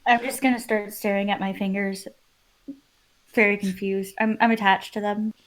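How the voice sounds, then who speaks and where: A woman's voice: medium pitch, fairly even intonation, normal speed. A woman playing a tabletop game, talking casually with a little hesitation. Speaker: player.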